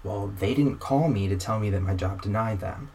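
A young man with a lower voice, appearing as a guest, tells a wry personal story in casual conversation at a normal pace. He is animated and acts out the quoted exchanges, with slight background noise in the recording.

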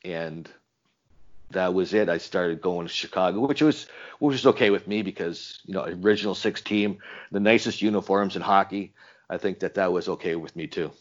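An older man, a retired hockey player, telling animated stories in a casual interview with many repeated words. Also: low voice, normal speed. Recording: dull lo-fi recording.

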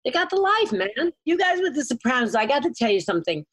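A woman's voice: sits high, quick pace. A middle-aged woman, a guest, chatting casually and telling rambling stories, often stopping and restarting her sentences. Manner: rambling, self-interrupting, animated storyteller. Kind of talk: casual chat.

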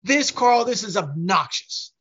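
A man acting out a furious business owner who scolds a young contractor, loud and repetitive. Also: high-pitched, fast talker, gravelly, lo-fi sound, heavily acted. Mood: scolding. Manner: loud, scolding, repeats himself.

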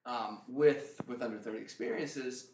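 Animated man telling stories in a roomy space. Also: medium pitch, normal speed. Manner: animated storyteller, acts out others' lines. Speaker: travel company founder. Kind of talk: casual group conversation. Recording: echoey room, faint background noise.

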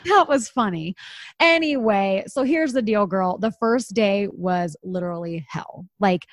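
A woman's voice: mid-range voice, a little slow, no echo, studio quality. A woman in her thirties telling a story in casual chat, acting out the quotes and laughing often.

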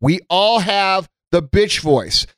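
A man's voice: sits high, expressive, slow pace, fairly bright tone, dry recording, studio quality. A man giving a blunt, profane, emphatic motivational talk to his followers. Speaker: motivational content creator. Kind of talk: motivational monologue.

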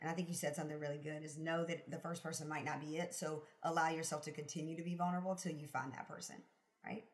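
A woman guest in a casual interview, telling her story in an expressive, emphatic way and laughing often. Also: low-pitched, fast. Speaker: podcast guest, sales consultant.

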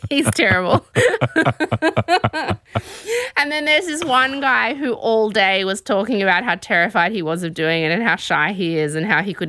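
A woman hosting a casual podcast, telling a story in an animated, chatty way. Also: lowish voice, clear, resonant tone, dry recording, studio quality. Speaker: podcast host. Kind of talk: casual chat recapping a show.

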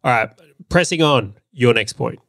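A man co-hosting a podcast, calmly asking measured questions in a casual conversation. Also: medium pitch, creaky, no room sound. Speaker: podcast co-host.

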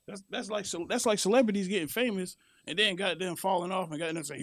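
A young man talking as a podcast guest, ranting in a loud, profane, animated way. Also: high-pitched, fast, no room sound. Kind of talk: casual podcast chat.

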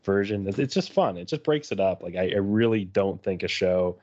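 Man, low voice, casual chat, hesitant, dull lo-fi recording. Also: expressive, a little fast, darkish tone. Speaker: podcast co-host. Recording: dull lo-fi sound.

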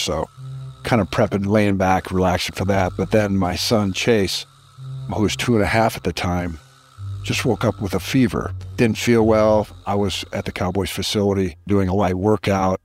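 A middle-aged man as a podcast guest, earnestly telling a personal story with reflective emphasis. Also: low-pitched.

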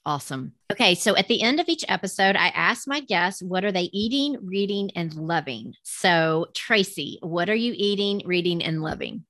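A woman's voice: fairly low pitch, expressive, normal speed, few pauses, a bit bright, no room sound, studio quality. A woman with a Southern accent hosting a podcast, chatty and affirming with many murmurs of agreement. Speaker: podcast host. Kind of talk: casual faith-based podcast interview.

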